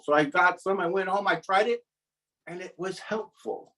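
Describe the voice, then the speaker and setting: A man's voice: high voice, expressive, moderate pace, sharp tone, distant mic, low-quality recording. A man telling a comic personal story at a live storytelling event, wry and self-mocking.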